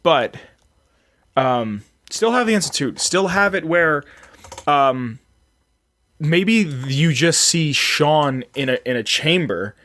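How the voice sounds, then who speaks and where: A man's voice: a little high, animated, takes it slowly, a bit bright, no echo. A man co-hosting a casual podcast, rambling with many fillers and restarts. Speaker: podcast co-host.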